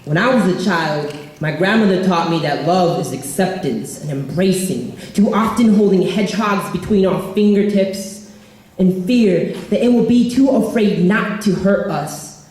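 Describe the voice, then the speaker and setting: A man's voice: high-pitched, measured pace, a little mellow, slight background noise. Brief: young male poet performing spoken word, rhythmic and emphatic, recorded in a very echoey hall. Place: event hall.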